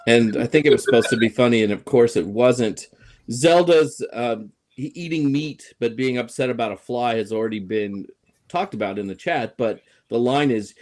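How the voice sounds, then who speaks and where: A man co-hosting a relaxed chat show. His voice sits at an ordinary middle pitch. He makes jokes with a sarcastic bite. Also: normal speed. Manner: sarcastic, joking. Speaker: co-host. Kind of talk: casual chat.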